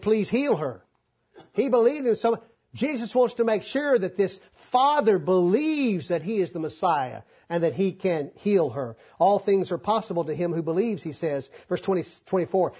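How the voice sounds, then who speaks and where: Male preacher, fairly high husky voice, folksy and animated, acts out scripture. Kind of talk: sermon.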